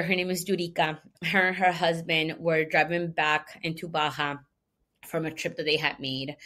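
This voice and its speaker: A woman who founded an animal rescue, telling a story in a casual, animated way, with many restarts and quick emotion. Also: lowish voice.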